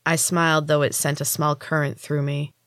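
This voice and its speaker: A woman narrating a story in the first person, in an even, measured reading as a podcast host. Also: sits low, no room sound, studio quality.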